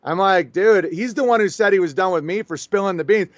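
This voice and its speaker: The recording is dry with the highs cut off, carrying a high-pitched man's voice at a fairly quick pace. He's a guest in a casual conversational interview, telling an animated story and playing both sides of the exchange.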